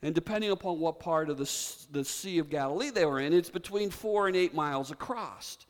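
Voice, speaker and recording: A man's voice: fairly high pitch, fairly quick. A man preaching a sermon, telling a story with drama and leading the congregation to repeat words together. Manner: animated storytelling preacher, leads congregation in call-and-response. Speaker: pastor. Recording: reverberant hall.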